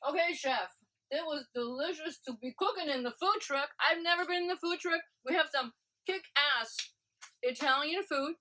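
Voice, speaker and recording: High bright-voiced woman host. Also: moderate pace. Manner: enthusiastic, talking to viewers. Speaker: podcast host. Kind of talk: casual chat.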